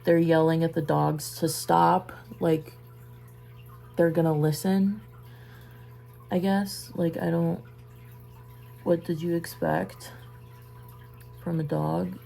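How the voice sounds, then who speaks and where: A young woman telling a personal story in a casual vlog, halting and trailing off into soft asides while busy with a task. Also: lowish voice, little pitch movement, creaky, rough recording. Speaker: vlogger.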